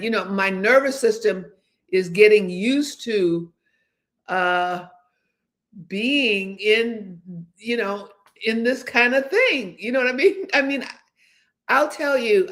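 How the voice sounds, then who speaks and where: Her mid-range voice has a fairly bright tone. The speaker, a woman in her seventies, hosts a relaxed livestream chat, talking frankly in a meandering way full of fillers and restarts.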